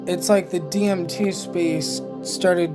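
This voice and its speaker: A man's voice: high voice, steady tone, takes it slowly, over music. A man vlogging a rambling first-person trip report, emotionally stirred and swearing freely with many fillers.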